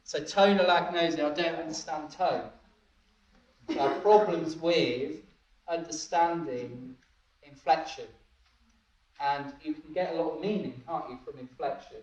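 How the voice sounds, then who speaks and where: A man's voice: a little high, a little mellow. A man giving a training talk, often laughing and checking that his listeners follow. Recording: echoey room, distant dull mic.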